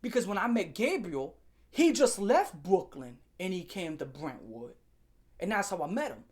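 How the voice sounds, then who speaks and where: Dude ranting a school fight story, swearing a lot, animated, laughs at his own story. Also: high-pitched, moderate pace. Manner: profane, animated, laughs while telling. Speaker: vlogger telling a story. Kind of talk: casual storytime rant.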